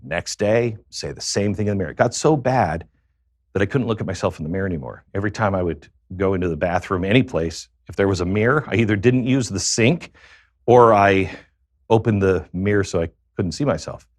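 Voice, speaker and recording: Low-voiced man telling a halting story. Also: no echo, studio quality. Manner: halting, with many pauses and fillers. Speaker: guest. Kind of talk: confessional personal storytelling.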